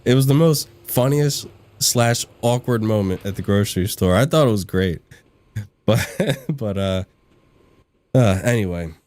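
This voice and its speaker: Chatty low-voiced man hosting a game stream. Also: unhurried, a little mellow. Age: adult. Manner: chatty, laughs often, reads out chat replies. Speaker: livestream gaming host. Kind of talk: casual chat while gaming.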